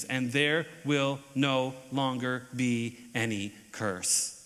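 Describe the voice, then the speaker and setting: A man's voice: medium pitch, a bit bright. A man preaching a chapel sermon, building an emphatic repeated litany. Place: large chapel hall. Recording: long hall reverb.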